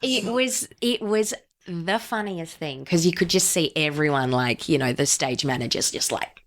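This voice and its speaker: Chatty woman with a lowish voice telling a story. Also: normal speed. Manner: chatty, many fillers, animated storyteller. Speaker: podcast guest. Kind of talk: casual storytelling.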